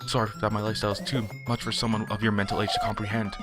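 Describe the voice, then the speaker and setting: Guy reading yuri, quiet proper schoolgirl from a visual novel, lowish voice, game music underneath. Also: fast talker, close to an everyday voice. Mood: cutting. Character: shy, formal teenage girl, Yuri.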